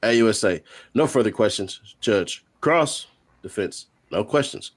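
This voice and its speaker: A man with a fairly low voice reads courtroom exchanges aloud, line by line. He voices each speaker's lines in turn and breaks off for short joking asides. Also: expressive, a little slow, breathy edge. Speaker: host. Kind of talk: reading court transcript updates.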